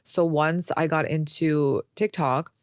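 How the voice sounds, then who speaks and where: A woman's voice: low voice, steady tone, takes it slowly, smooth, no room sound, clean studio sound. A young woman chatting as a podcast guest, telling stories and acting out quoted voices. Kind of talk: casual interview talk.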